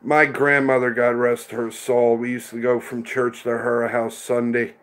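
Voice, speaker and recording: A man's voice: medium pitch, level tone, measured pace, fairly bright tone. A middle-aged man hosting a casual livestream, chatting rambly and answering viewers by name. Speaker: livestream host reading chat.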